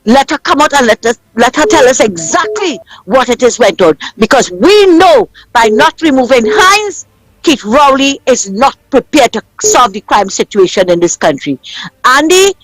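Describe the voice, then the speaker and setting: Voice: medium pitch, sing-song, normal speed, fairly bright tone, rough recording. A caller with a Trinidadian accent speaking earnestly on a radio call-in show.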